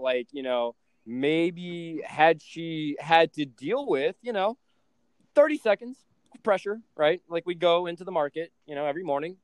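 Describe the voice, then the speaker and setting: A man hosting a casual podcast, telling stories in an animated, profane way. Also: on the high side, no echo. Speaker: podcast host and trading coach.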